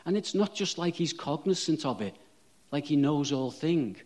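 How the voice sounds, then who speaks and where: A man's voice: fairly high pitch, expressive, normal speed, darkish tone. A man preaching a sermon, chatty and self-deprecating, rising to fervent emphasis on repeated phrases.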